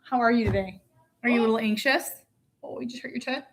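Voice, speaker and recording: Forties mom, fairly high-pitched, casual home-vlog delivery, teasing and sing-song. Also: female voice, fast talker. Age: 40s. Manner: playful, teasing, sing-song with her child. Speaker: mother vlogging.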